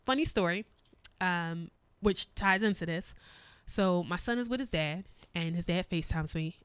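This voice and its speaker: A young adult woman co-hosting a podcast, talking in a blunt, profane, animated storytelling way. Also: fairly low pitch, smooth, no room sound. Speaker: podcast co-host. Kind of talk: casual chat.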